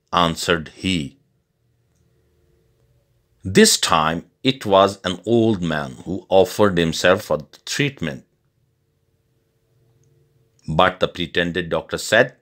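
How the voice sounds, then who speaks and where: A man reading a storybook tale aloud as scripted narration for English learners, slow and deliberate. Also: low-pitched, a bit bright.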